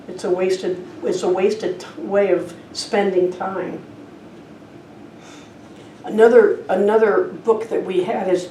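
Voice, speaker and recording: A woman's voice: medium pitch, warm tone. Woman minister preaching in an echoey hall. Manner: conversational storytelling with restarts. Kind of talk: sermon. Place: church sanctuary. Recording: roomy, distant church hall recording with faint noise.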